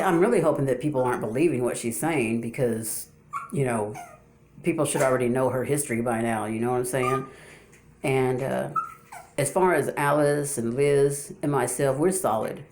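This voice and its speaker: A woman's voice: rumbling low, moderate pace, darkish tone, a little hiss or hum. Stammering woman vlogger. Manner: repetitive, stammering restarts, rhetorical questions. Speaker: YouTuber addressing viewers. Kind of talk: casual unscripted monologue.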